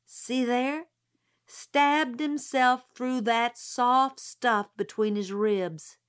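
A woman voicing a gruff, stubborn small-town male sheriff in a spoken audiobook, slow and insistent. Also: a little high, steady tone, voice pushed up. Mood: urgent.

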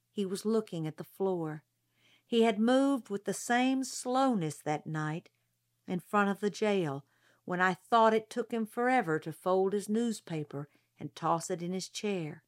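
A woman narrating a novel aloud in a steady storytelling manner. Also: medium pitch, a little slow. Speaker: audiobook narrator. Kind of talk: scripted narration.

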